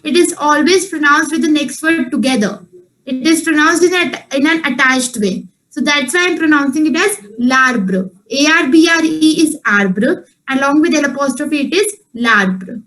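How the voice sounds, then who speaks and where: A woman who teaches French patiently, explaining step by step and repeating words slowly. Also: high-pitched, a bit bright, rough recording. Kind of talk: one-on-one online language lesson.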